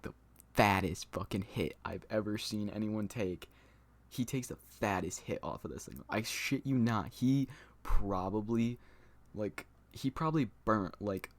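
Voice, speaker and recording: A young man with a slightly low voice tells a story for his vlog. He talks loosely and swears a lot, filling his sentences with "like" and "you know". The tone is casual and unscripted. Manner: loose, swearing, laughing storyteller with many fillers. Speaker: storyteller vlogger.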